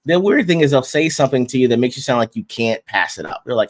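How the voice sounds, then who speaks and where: A Texan man co-hosting a relaxed livestream chat show. He talks in a lively, animated way, laughing often and dropping into silly voices and bits of song. His voice sits at an ordinary middle pitch. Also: quick pace, hardly any pauses. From Texas. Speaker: podcast co-host.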